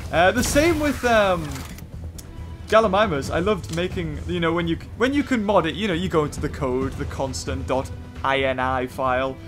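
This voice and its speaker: A young man who hosts a gaming channel speaks in a high, slightly bright voice. He commentates on the game he's playing, chatting casually, rambling and joking at his own expense.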